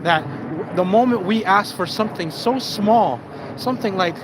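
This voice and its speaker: A man's voice: sits high, normal speed, noisy background. A man ranting on a live stream, swearing and stumbling over his words as he repeats himself.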